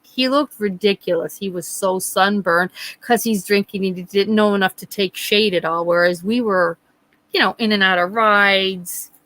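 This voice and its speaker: A woman's voice: medium pitch, fairly bright tone, no echo, low-quality recording. A middle-aged woman hosting a live stream, telling a rambling story with acted-out quotes and chatting with viewers. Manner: rambling storyteller, acts out quotes, frequent laughs. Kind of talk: casual chat with live chat viewers.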